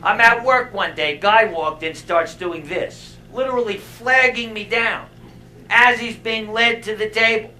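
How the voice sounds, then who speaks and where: A middle-aged male stand-up comedian who tells jokes on stage in a wry, deadpan way, leaving long pauses for laughs. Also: high voice, low-quality recording. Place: theater stage.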